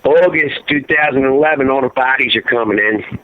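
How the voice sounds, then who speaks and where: A middle-aged man, the father of a fallen serviceman, gives an emotional phone interview over a narrow, tinny line that's completely dry with no room sound. His medium-pitched voice runs a little fast as he rambles and circles back, leaning on "you know" and "uh" while recounting events to the host.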